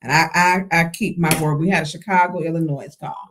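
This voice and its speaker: A woman's voice: sits low, fairly even intonation, fairly quick, fairly bright tone, a little hiss or hum. A woman hosting a call-in talk show, friendly and laughing but firm about keeping time. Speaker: host.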